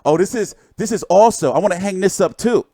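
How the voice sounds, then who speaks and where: A man's voice: sits high, lively intonation, brisk, dark tone, no room sound. A man hosting a boxing livestream, chatting loosely and cracking profane jokes while showing pictures. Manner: joking, profane, rambling show-and-tell. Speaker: boxing channel host. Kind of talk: casual livestream chat.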